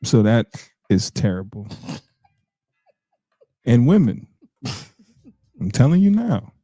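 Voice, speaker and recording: A man's voice: medium pitch, slow pace, breathy edge, dry recording. A man in his forties co-hosting a podcast, talking bluntly in casual chat. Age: 40s. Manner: blunt, animated, laughing and ranting. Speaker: podcast co-host.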